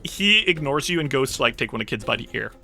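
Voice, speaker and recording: A game master narrating a tabletop game in a relaxed, meandering way with many fillers. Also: mid-range voice, fast, faint music behind.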